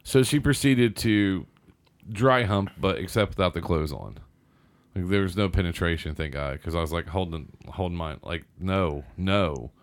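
A man's voice: low-pitched, moderate pace. A man from Southern Indiana telling a rambling personal story in casual podcast chat. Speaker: guest storyteller.

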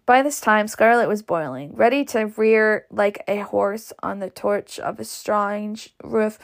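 A woman's voice: medium pitch, unhurried, gravelly, few pauses. A woman narrating an audiobook, with occasional slips and restarts. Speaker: audiobook reader.

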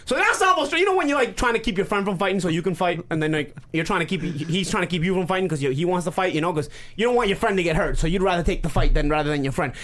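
A man's voice: high voice, lively intonation, rapid-fire, few pauses, a bit bright. A man co-hosting a podcast, telling a rambling story in casual chat with many fillers. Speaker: podcast co-host.

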